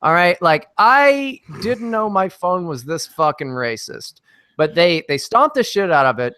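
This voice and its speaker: A man on as a guest in a casual podcast chat, telling a story in a brash, profane, animated way. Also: high voice, measured pace, smooth, dry recording.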